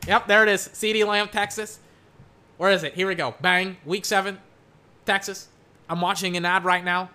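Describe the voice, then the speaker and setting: A young man chatting about football while watching game clips, rambling and excitable, breaking into mock play-by-play calls. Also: high voice, normal speed, clear, resonant tone.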